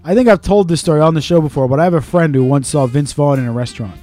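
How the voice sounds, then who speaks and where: A man's voice: on the high side, warm tone, soft background music. A man co-hosting a podcast in casual chat, telling stories with lots of swearing and acted-out quotes. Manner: fast, swearing storyteller who acts out quotes. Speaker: podcast co-host.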